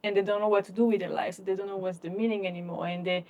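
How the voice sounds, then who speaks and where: A young woman co-hosts a podcast and talks through her views in a relaxed, reflective way. Her voice sits at a middling pitch. She leans on "like" and "you know" as she thinks aloud. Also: quick pace. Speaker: podcast co-host. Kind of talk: casual conversation.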